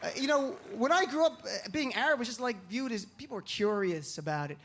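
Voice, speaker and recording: Man, stand-up comedian, high voice, animated and mocking, stage mic, live audience noise. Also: brisk. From New Jersey, USA. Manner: animated, mocking delivery with many put-on voices.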